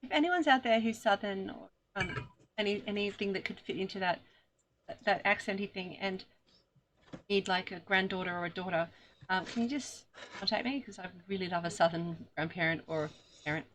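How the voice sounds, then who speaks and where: An Australian woman in casual comedic chat, mid-pitched and loose, wandering through silly bits and trailing off. A faint hiss sits under her voice. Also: normal speed, a bit bright. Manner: rambling, joking, trailing off. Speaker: podcast co-host.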